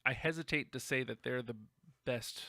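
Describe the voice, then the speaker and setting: A man co-hosting a wrestling podcast, chatting casually with enthusiastic, quick asides. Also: mid-range voice, vocal fry, sharp tone, no echo, studio quality. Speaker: podcast co-host. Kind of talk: casual chat.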